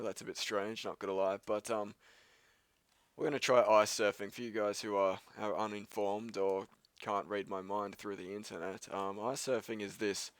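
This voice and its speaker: A man's voice: on the low side, dry recording. A man rambling through casual gameplay commentary as a let's play host, full of ums, mild swearing and self-mocking asides.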